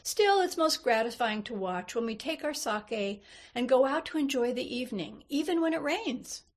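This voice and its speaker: A woman voicing a tiny old Japanese man in his seventies, gentle and delighted, chatting in a lilting way. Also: high voice, animated, moderate pace.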